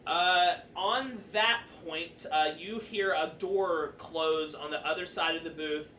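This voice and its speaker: A man's voice: a little high, slow pace, pushed and bright. A man narrating a tabletop game as dungeon master, loose and chatty with lots of fillers. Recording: echoey room, far from the mic, faint noise.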